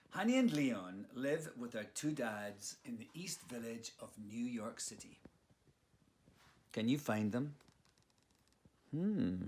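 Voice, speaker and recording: A man reads a children's picture book aloud at an unhurried pace, playful and full of expression. His voice rises and falls a great deal as he speaks to young listeners, now and then dropping to a whisper. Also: on the low side, vocal fry, a little mellow.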